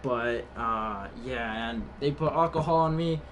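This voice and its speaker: A man's voice: mid-range voice, unhurried, a bit bright. A young man chatting casually on a live game stream, telling a story in a rambling way with many fillers and restarts. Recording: distant mic with background noise.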